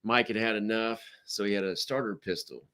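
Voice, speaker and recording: A man co-hosts, reading out listener questions in an upbeat, quick way. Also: on the low side, bright, forceful tone, smooth, dry recording. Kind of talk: casual chat.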